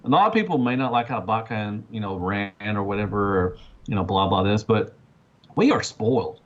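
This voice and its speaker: A man's voice: lowish voice, expressive, moderate pace. A man co-hosting a casual podcast, chatty and enthusiastic, laughing often. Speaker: podcast co-host. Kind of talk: casual chat. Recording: dull lo-fi audio.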